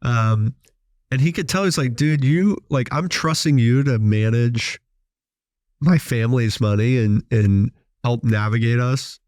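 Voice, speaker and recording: A male podcast host talks through his own business mistakes in a relaxed, conversational way, now and then slipping into quick voices for the people he quotes. His pitch sits mid-range and the room is dry and close. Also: no echo. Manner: storytelling, animated quoted voices. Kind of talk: casual monologue.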